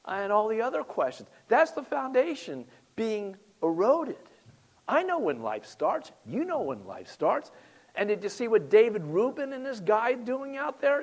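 Pastor guy preaching, high voice, gets loud then drops way down, talks right to the crowd. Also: unhurried. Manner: animated, talks to the congregation, rises and drops sharply. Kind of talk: sermon.

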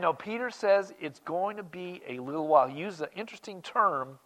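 A male pastor delivering a sermon in a slightly raised voice. He swings between soft, conversational asides and loud, emphatic declarations. He repeats his key lines for emphasis. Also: high voice, expressive, brisk.

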